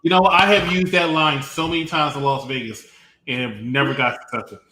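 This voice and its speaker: Bright-voiced man hosting in an echoey room. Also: on the high side, steady tone, a little fast, a little hiss or hum. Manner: emcee-like, introducing segments. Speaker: podcast host leading segments. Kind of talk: casual movie-review chat. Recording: roomy echo.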